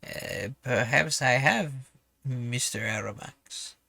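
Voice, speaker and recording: A man voicing a skeptical male Canadian whaler in a put-on French accent, talking low and slow. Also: vocal fry, pushed and bright, dry recording, heavily acted.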